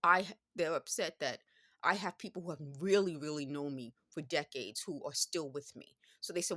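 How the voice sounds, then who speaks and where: This woman in her fifties has a New York accent and a low, slightly bright voice at normal speed. Her vlog monologue rambles and circles back as she keeps correcting herself, captured in a dry, studio-quality recording.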